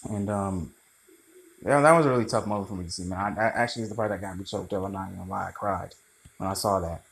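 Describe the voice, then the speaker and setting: A man rambling through a casual, animated movie review, swearing freely. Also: low-pitched, fast talker, vocal fry, rough recording.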